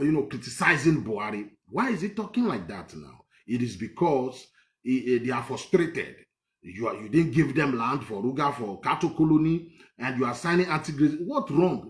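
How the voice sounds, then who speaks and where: Guy ranting about politics, voice jumping all over, echoey room. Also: fairly high pitch. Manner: rambling, emphatic, repeats phrases. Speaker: political commentator. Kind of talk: heated political monologue.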